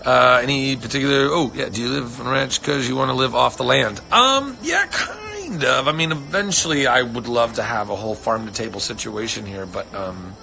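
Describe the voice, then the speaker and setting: A man's voice: medium pitch, lively intonation, moderate pace, gravelly, few pauses, pushed and bright. A man hosting a casual livestream, rambling earnestly and swearing freely as he answers fans. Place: home on a ranch.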